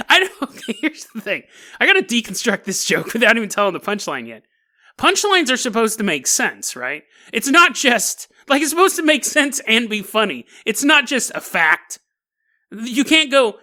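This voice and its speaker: A man's voice: high voice, very animated, measured pace, bright, forceful tone. A man hosting a podcast in a casual comedic monologue, wry and often laughing mid-sentence. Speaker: podcast host.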